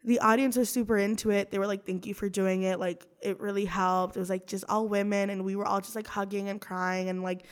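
Woman, podcast guest, rambling, filler-heavy, mid-pitched voice. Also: flat delivery, fairly quick, few pauses. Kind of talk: casual chat. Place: studio.

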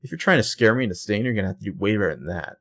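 A defiant young woman assistant, fed up and talking back to her boss, as a man acts her out while recapping, with a lively, up-and-down delivery. She sounds firm and sick of being pushed around. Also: on the low side, racing.

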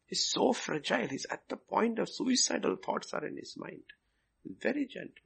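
A man preaching a sermon as a pastor, swinging from loud emphasis down to near whispers and repeating his phrases. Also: high-pitched, expressive, normal speed, creaky, slightly rough.

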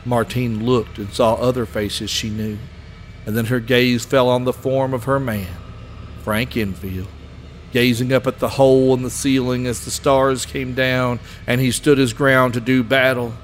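Male narrator, mid-pitched voice, steady scripted storytelling, faint hiss. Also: measured pace.

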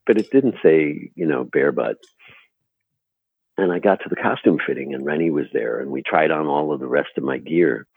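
A man with a very deep, gravelly and somewhat husky voice tells stories in an interview and laughs at himself. His pitch rises and falls a lot as he talks. The audio is dry and a bit dull, like a lo-fi remote recording. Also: expressive, normal speed, no echo. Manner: laughing, storytelling, self-deprecating. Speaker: actor guest. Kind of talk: anecdotal interview chat.

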